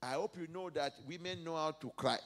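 A male pastor preaching a sermon, dropping to soft asides and rising to loud emphatic peaks as he reads and acts out scripture. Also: a little high, fairly quick. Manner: preaches verse by verse, acting out biblical speakers.

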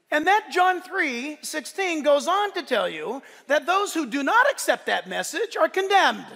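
Pastor guy preaching in church, really high bright voice, long echoey hall reverb, goes loud then quiet with jokes. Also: a little slow, gravelly, hardly any pauses. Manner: animated, swings between loud declarations and soft asides; playful, joking asides to the congregation. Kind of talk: sermon. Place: church service.

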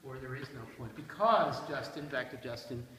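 A man leading a classroom poetry discussion, quizzing students with a lively, playful manner. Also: mid-range voice, normal speed. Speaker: seminar leader. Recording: echoey room from a distance, faint hiss.

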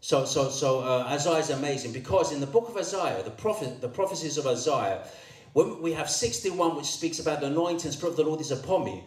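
A man's voice: fairly high pitch, animated, brisk. An older man from Cyprus, preaching a sermon as archbishop, emphatic and repeating words. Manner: emphatic, rising to raised proclamations, repeats words. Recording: echoey church sound from far off.

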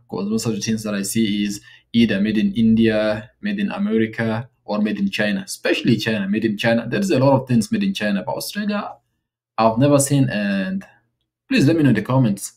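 A man's voice: lowish voice, fairly quick. A man from Africa hosting a reaction video, chatting casually and asking questions aloud. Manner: relaxed, conversational, asks questions aloud. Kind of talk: casual commentary.

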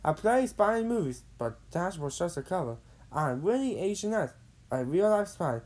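A woman's voice: fairly low pitch, very animated, moderate pace, darkish tone, voice pushed up. A woman voicing a secretive male movie-star spy in a storybook, speaking confidingly.

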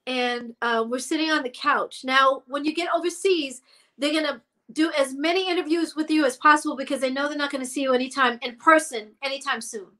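A woman with a high, bright voice tells stories in a relaxed interview. She is animated and slips into the voices of the people she quotes. Her tone stays sharp and forward. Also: brisk. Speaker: guest singer. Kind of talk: casual storytelling interview.

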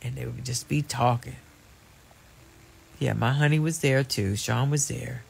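A woman's voice: extremely low pitch, unhurried, vocal fry, husky. A middle-aged woman hosting her own channel, talking casually and playfully straight to her viewers and laughing often. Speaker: channel host.

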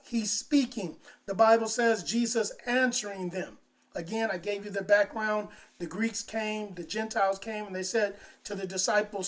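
A man preaching a sermon as pastor, slow and emphatic, building up to louder, higher phrases as he stresses his points. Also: steady tone. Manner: slow, emphatic preaching that rises in pitch and volume on key phrases.

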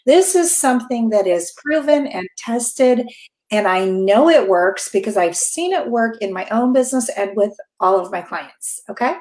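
A middle-aged woman, a marketing coach appearing as a guest, presents on a business webinar in an upbeat, direct manner and often checks in with listeners. Her voice is fairly high with lively intonation, normal speed and a darkish tone, in a roomy echo.

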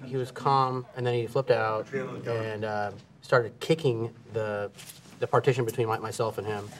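A man's voice: mid-range voice, fairly even intonation, unhurried, a bit bright, a little hiss or hum. A man working as a police officer, recounting an arrest in a matter-of-fact way. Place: jail booking area.

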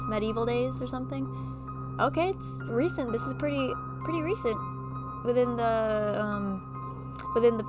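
A woman reading an interactive horror story game aloud and breaking off for animated, chatty reactions. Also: on the high side. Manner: animated, chatty asides between narration. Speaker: gaming video creator.

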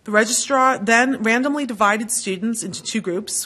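A middle-aged woman, a law school dean, giving a measured, earnest introduction at a lecture with a lightly wry touch. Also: medium pitch, pushed and bright. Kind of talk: formal lecture introduction with personal anecdotes. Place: lecture hall.

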